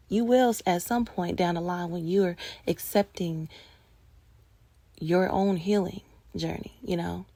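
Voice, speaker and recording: Woman host, low gravelly voice, earnest and passionate, shifts between firm and hushed. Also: no echo. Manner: earnest, passionate, slows to a hush at times. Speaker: host of a personal growth talk. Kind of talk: reflective monologue on healing.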